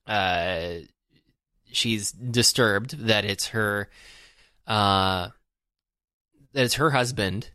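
A man's voice: lowish voice, sharp tone, smooth, no echo, clean studio sound. A man co-hosting a podcast, talking casually about a film with many fillers and restarts. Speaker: podcast co-host.

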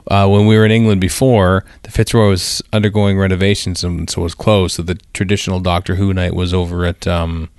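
A man with a very low voice co-hosts a casual podcast, wandering through his points and restarting his sentences often. The sound is dry and close, with no room around it. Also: level tone, brisk, hardly any pauses, darkish tone, clean tone, no room sound. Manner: rambling, hesitant, many fillers and restarts. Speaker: podcast co-host. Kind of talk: casual chat.

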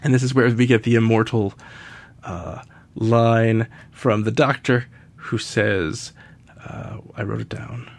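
A man's voice: mid-range voice, steady tone, takes it slowly. A man hosting a casual podcast, chatty, laughing often and acting out characters' lines as he recaps an episode. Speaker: podcast host.

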